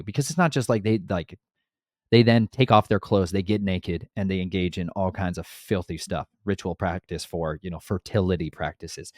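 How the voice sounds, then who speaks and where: Male Bible teacher, low voice, animated and slangy, dry recording. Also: no echo. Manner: animated, slangy, exasperated storyteller. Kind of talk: casual Bible teaching podcast.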